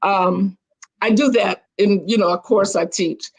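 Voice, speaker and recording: An older woman, a guest on a video call, telling stories in a chatty, animated way and often restarting her sentences. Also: medium pitch, measured pace, slightly rough. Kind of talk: casual storytelling on a video call.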